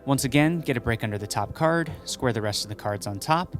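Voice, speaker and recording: A man explaining a card move step by step, calmly, as the host of a magic tutorial. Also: medium pitch, a little fast, faint music behind. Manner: joking storyteller, acts out dialogue; calm step-by-step instruction. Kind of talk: stand-up comedy bit, then tutorial instruction.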